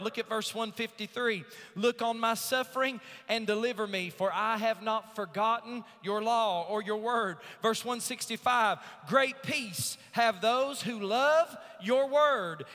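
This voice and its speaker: A man preaching from the pulpit, his voice high and bright, cutting through. He reads scripture slowly and climbs into loud, emphatic swells. Long reverb from the church sanctuary hangs behind him. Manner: preaching with rising emphatic swells and slow drawn-out scripture reading. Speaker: pastor. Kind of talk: sermon.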